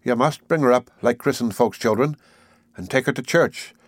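Man reading a homely village housewife: chatty, earnest, motherly, pitched a touch above his own, very dry close sound. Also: moderate pace, breathy edge, no echo, lightly acted. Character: kindly talkative village housewife, middle-aged. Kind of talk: audiobook character voice.

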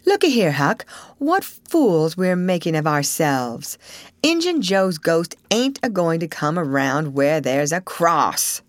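A woman's voice: low voice, very animated, takes it slowly, dry recording, heavily acted. A woman voicing a bold, scheming boy who leads adventures, speaking in an eager folksy dialect. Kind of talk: audiobook character reading.

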